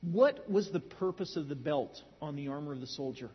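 Middle-aged preacher guy, husky high voice, chatty stories, dull recording in a big hall. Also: animated, normal speed. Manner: conversational storytelling with dry humor. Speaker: pastor. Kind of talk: sermon. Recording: dull lo-fi sound in a large hall.

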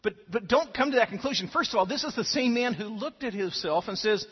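Preaching earnestly in a church sanctuary, this pastor has a high, husky voice with lively intonation and a slightly fast pace, and he often doubles up words at the start of phrases. The audio is dull and lo-fi, with long reverb filling the hall.

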